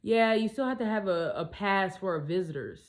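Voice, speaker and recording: A woman's voice: mid-range voice, lively intonation, moderate pace, close to an everyday voice. Woman doing a matter-of-fact tow yard worker.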